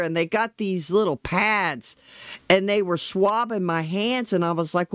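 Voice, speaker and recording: A woman's voice: on the low side, a little slow, no room sound, studio quality. A woman commentator telling a rambling personal story in a chatty, exasperated way, with frequent asides. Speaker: commentator reacting to a trial. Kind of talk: casual storytelling.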